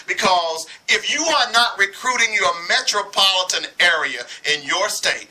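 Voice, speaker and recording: A man's voice: sits high, bright, forceful tone, poor audio. A man from Arkansas giving impassioned sports commentary, heated and preachy, hammering points with repetition.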